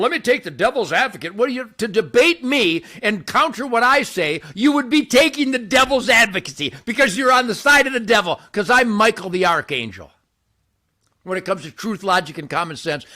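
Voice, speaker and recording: Brash, loud older man ranting. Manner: brash, boastful, loud swings in pitch and volume. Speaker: host of his own video show. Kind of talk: ranting monologue to camera. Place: outdoors by a campfire.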